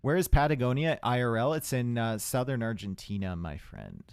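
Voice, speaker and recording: A man's voice: mid-range voice, big pitch swings, normal speed, clear, resonant tone, no room sound. Chatty young male game caster, dry sound. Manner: chatty, rambling asides with the chat. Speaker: esports caster. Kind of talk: live game commentary.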